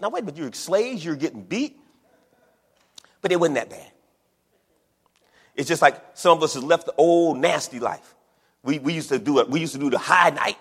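A man preaching in a rhythmic, repetitive style, his voice climbing from low asides into ringing shouts. It sits a little high for a man and carries the long reverb of a large sanctuary. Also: normal speed. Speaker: pastor. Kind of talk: sermon.

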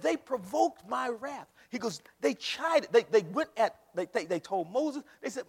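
Man, pastor, high voice, preaching a sermon, shouts and hushed whispers, long reverb of a large hall. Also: sing-song, unhurried, gravelly, husky.

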